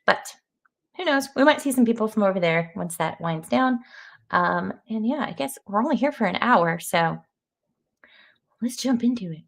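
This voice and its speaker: Chatty woman streamer with gravelly fry. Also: medium pitch, lively intonation, normal speed. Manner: chatty, rambling, frequent fillers, greets viewers. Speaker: streamer hosting an AI text adventure. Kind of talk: casual live-stream chat.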